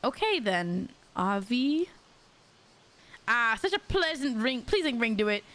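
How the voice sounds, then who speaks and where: A woman's voice: a little high, sing-song, measured pace, fairly bright tone. A woman voicing a flamboyant, pompous male fantasy writer in a fake Southern drawl, reading game dialogue aloud. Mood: grandiose. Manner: theatrical, grandiose.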